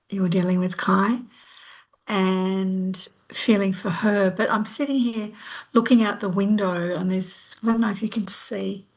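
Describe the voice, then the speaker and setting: A middle-aged woman, a healer, sharing reflectively on a video call in a hesitant way with many ums. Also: mid-range voice. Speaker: healer, workshop participant. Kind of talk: casual sharing.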